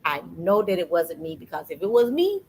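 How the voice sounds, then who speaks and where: A woman hosting a casual faith talk, telling a personal story with lively energy and acting out what people said to her. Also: lowish voice, a little fast, a little hiss or hum, rough recording. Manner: animated storytelling, acts out quoted voices. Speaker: podcast host. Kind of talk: casual faith testimony chat.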